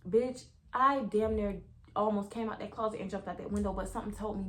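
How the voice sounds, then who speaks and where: A young woman, casually telling viewers a story in a vlog, animated, full of slang and swearing. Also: a little high, a little fast. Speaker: vlogger.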